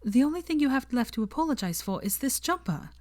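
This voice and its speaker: Woman doing a teen witch, high-pitched, scolding, exasperated, wildly swinging pitch, dry sound. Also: very animated, quick pace, a little mellow, dry recording. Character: young witch, sharp-tongued and tearful, teen girl.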